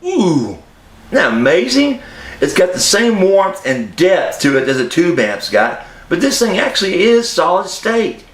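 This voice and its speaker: A man's voice: high-pitched, sing-song, unhurried, few pauses. A man vlogging about a guitar amplifier in a folksy, chatty way with lots of fillers and laughs. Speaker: gear reviewer. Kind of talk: casual vlog. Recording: roomy echo.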